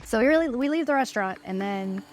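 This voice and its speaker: A woman's voice: on the high side, lively intonation, fast. A young woman co-hosting a podcast with her husband, wry and teasing, laughing easily. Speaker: podcast co-host. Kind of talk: casual chat.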